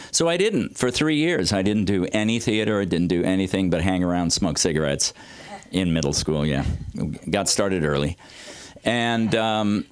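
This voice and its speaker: A man in his sixties doing stand-up storytelling at an open mic, rambling and loose, with salty language and lots of filler words. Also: no room sound. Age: 60s. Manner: swings his pitch widely for comic effect. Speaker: comedy teacher performing at an open mic.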